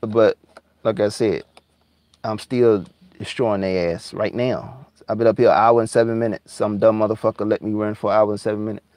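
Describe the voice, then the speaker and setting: A man ranting angrily and profanely on his live stream, repeating himself and sometimes drawling words out slowly. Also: fairly low pitch, fairly even intonation, darkish tone. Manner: heated, profane, repetitive, drawling slowdowns. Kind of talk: angry conspiracy rant on a live stream.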